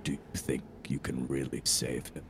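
Man playing unseen whispering voices, hushed and taunting, pitched low. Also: flat delivery, moderate pace, a little hiss or hum. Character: sinister whispering disembodied voices.

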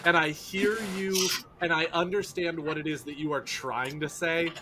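A man's voice: on the high side, fairly even intonation, moderate pace, noisy background. A man co-hosting a podcast, talking in an emphatic, opinionated casual chat. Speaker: podcast co-host.

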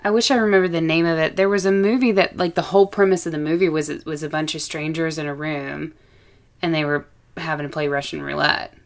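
A woman's voice: sits low, steady tone, fast talker. A woman co-hosting a podcast in casual chat, blunt and outspoken, swearing freely. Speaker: podcast co-host.

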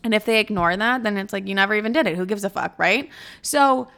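A woman's voice: mid-range voice, quick pace, fairly bright tone, clean tone. Brash, cocky young woman, swearing freely. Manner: brash, cocky, profane, lots of "like". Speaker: vlogger giving dating advice. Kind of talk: casual chat to camera. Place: apartment at home.

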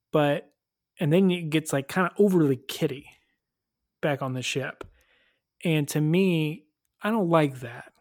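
A man hosting a casual review podcast, animated and chatty, with lots of fillers and frequent laughs. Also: a little high, no room sound, studio quality. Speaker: podcast host reviewing episodes.

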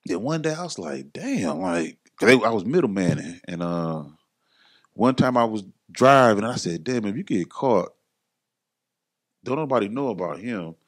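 A man's voice: lowish voice, very animated, moderate pace. A man, a podcast guest, telling his story in casual slang and acting out the voices of the people he quotes.

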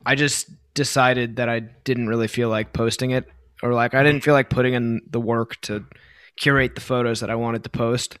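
A man co-hosting a podcast in loose, rambling casual chat full of fillers and swearing, his voice worn from yelling. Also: medium pitch, fairly even intonation, moderate pace, clear, resonant tone, dry recording, studio quality. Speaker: podcast co-host.

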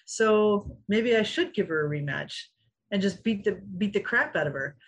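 Here's a rough recording of a woman's medium-pitched voice moving at an ordinary pace. She's a middle-aged ex-fighter being interviewed, and she brings her stories to life by acting out quotes and laughing a lot.

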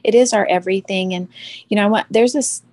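A woman's voice: medium pitch, fairly quick, a little mellow. A middle-aged mother telling a heartfelt personal story in conversation, earnest and emotional. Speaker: guest.

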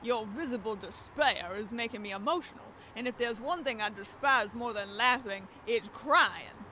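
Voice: medium pitch, normal speed, bright, forceful tone, slight background noise, lightly acted. A performer voicing a rich, domineering female mob boss in a comedy audio drama, speaking in an imperious, insulting way.

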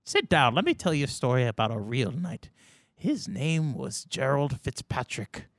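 A man voicing a senile, ancient old man who rambles in a wavering high voice. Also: sing-song, moderate pace, no room sound, studio quality. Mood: doddering.

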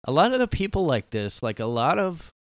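Speaking a little fast in a fairly high voice with big swings in pitch, this podcast host reacts to a clip from his room. The studio sound is clean with no room echo, and his casual take is mocking and disbelieving, loaded with fillers and tangents.

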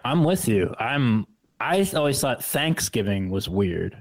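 A man's voice: medium pitch, sing-song, unhurried, no room sound. A man co-hosting a podcast, chatting casually and joking, recorded over a video call. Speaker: podcast co-host. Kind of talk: laid-back podcast chat. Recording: audio ripped from a video call.

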